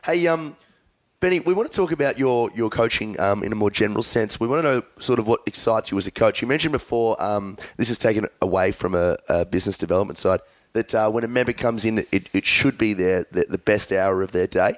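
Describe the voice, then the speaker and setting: A man's voice: fairly low pitch, brisk, dry recording. A laid-back Australian man co-hosting a podcast, joking and using fillers. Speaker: podcast co-host. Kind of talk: casual interview chat.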